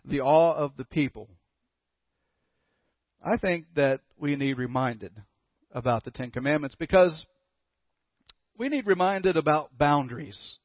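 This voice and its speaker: Pastor, male, higher-pitched, conversational sermon with audience questions, muffled dry recording. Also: no echo. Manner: conversational, coaxing the congregation, reads scripture aloud.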